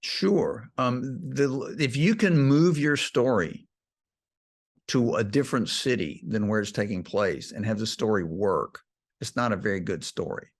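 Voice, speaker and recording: Guest: male screenwriting teacher, lowish voice, animated emotional storyteller. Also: a little slow. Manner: animated retelling, gets choked up. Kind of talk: casual storytelling interview.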